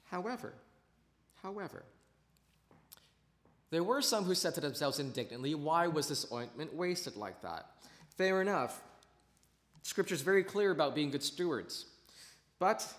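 A male pastor preaching in a conversational, animated way, full of rhetorical questions. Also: on the high side, long reverb tail. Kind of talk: sermon. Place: church sanctuary.

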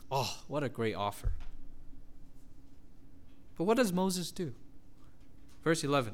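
A man's voice: high-pitched, sing-song, moderate pace, long pauses, fairly bright tone. A man preaching a sermon, reading scripture aloud and acting out the quoted voices with animation. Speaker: pastor.

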